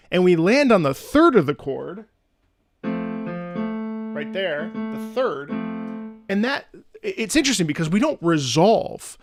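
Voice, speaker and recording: A man's voice: sits high, very animated, slow pace, pauses often. A man hosting his channel, casually explaining music and humming melodies on "da" syllables, with enthusiasm and frequent restarts. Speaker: channel host.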